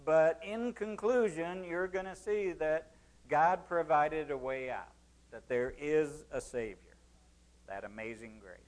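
A man preaching a sermon, telling an illustrative story and quoting writers, with dramatic swings in loudness. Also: fairly high pitch, a little slow, rough recording.

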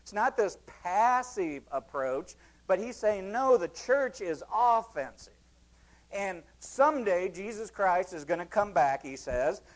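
A man's voice: high voice, poor audio. A male pastor delivering a sermon to his congregation, preaching with rising emphasis.

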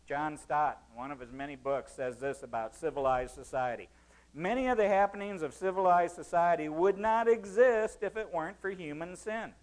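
A man preaching a sermon, telling an illustrative story and quoting writers, with dramatic swings in loudness. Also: high-pitched, low-quality recording.

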